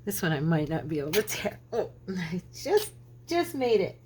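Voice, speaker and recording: A middle-aged woman with a notably low voice chats casually while working on a craft project. She tells stories and laughs often. A faint hiss sits under her voice. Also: very animated, moderate pace. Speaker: crafting channel host; minister.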